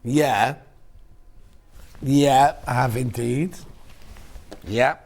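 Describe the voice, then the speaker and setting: A man's voice: medium pitch, extremely slow, gravelly, darkish tone. A man presenting fabrics on a shopping channel in casual on-air chat, reading viewer messages aloud. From United Kingdom.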